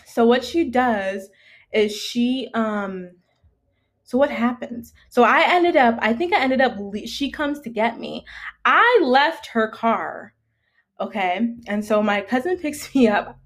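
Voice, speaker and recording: A woman's voice: fairly high pitch, unhurried. A young woman co-hosting a podcast, telling a story in casual, profane chat and acting out the people in it. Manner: animated, profane, quotes people in shifting voices. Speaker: podcast co-host.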